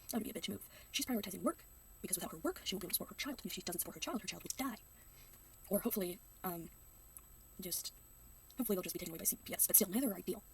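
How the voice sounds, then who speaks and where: A woman's voice: mid-range voice, recorded from a distance. A young woman rattles off sarcastic reaction commentary at a breakneck pace, mocking the people on screen. She sits a bit back from the mic, with faint room noise behind her. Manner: sarcastic ranting, jumps into mocking voices. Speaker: reaction youtuber.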